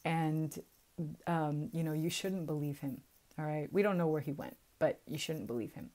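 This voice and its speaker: A woman's voice: low voice, fairly even intonation, normal speed, mellow, lightly acted. A woman with a Southern US accent voicing suspicious male servants who talk bluntly and dismissively.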